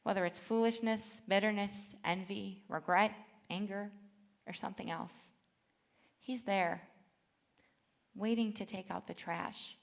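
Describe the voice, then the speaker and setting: A woman in her thirties preaching a sermon, reading scripture aloud with earnest feeling and telling lively stories from her family. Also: medium pitch, measured pace, gravelly, pauses often. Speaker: church speaker.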